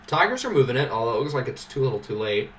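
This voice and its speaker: A man's voice: medium pitch, very animated, quick pace, slight background noise. A man hosting a live stream of a simulated football league, chatting casually and joking as he goes over results. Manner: chatty, joking, thinks aloud. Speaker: livestream host. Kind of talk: casual sports sim commentary.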